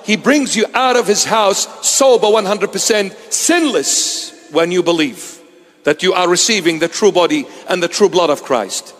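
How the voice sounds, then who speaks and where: A man's voice: high-pitched, animated, normal speed, fairly bright tone, in a large hall. A man preaching a sermon to his congregation in an emphatic, rhetorical style, repeating key phrases.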